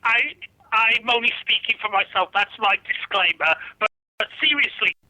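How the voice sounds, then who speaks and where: Brief: caller, man with a high bright voice, stumbling rant. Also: normal speed, no room sound, rough recording. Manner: stammering, indignant ranting. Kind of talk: ranting phone-in call.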